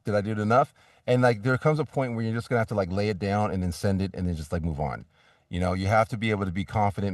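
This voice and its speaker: Low-voiced man, far from the mic. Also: darkish tone, dry recording, studio quality. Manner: rambling, many restarts and fillers, acts out sample reads. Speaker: voice actor guest. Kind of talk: casual interview talk.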